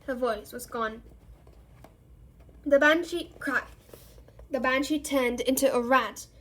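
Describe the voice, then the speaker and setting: Woman reading a novel out loud for her book club, steady expressive narration, kinda high voice. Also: rough recording.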